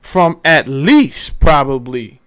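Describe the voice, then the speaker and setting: A man hosts a casual commentary, his voice sitting a little high. He rambles and keeps breaking off his own sentences. He thinks out loud while he looks things up. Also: sing-song, slow pace. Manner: rambling, self-interrupting, thinking aloud. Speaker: host.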